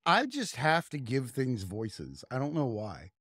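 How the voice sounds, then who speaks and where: Casting: young male podcast host, loose and jokey, breaks into silly voices, mid pitch, dry close sound. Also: huge pitch swings, a little slow, a bit bright, slightly rough, dry recording. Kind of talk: casual chat.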